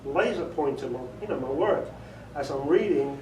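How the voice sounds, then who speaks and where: His voice is fairly high, expressive and a little mellow, at normal speed, with slight background noise. Speaking to a group in a meeting room, he gives a chatty, self-amused audiobook-narration talk, laughing often and demonstrating inflections, recorded from far away in an echoey room.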